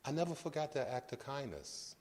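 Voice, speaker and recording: A man in his fifties from Brooklyn, New York, tells a story at a lecture in an even, mid-range voice. He acts out the scenes and turns often to the audience with direct questions. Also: medium pitch, fairly quick. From Brooklyn, New York, United States. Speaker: guest lecturer.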